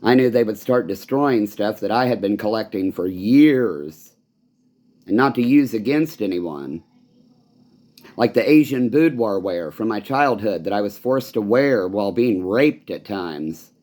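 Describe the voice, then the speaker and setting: A man's voice: fairly low pitch, animated, a little slow, a little mellow. A man giving an angry, rambling personal monologue, swearing often and sounding bitter. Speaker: vlogger.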